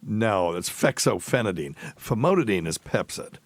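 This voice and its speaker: A man's voice: on the low side, lively intonation, normal speed, no room sound. A man hosting a medical call-in radio show, answering questions casually and correcting himself as he goes. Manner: thinks aloud, corrects himself. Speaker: radio show doctor host.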